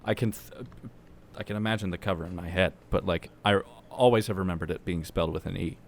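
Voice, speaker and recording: A man co-hosting a podcast, steering the casual chat and cutting in with quick remarks. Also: low voice, a little hiss or hum. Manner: leads the talk, quick interjections. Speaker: podcast co-host.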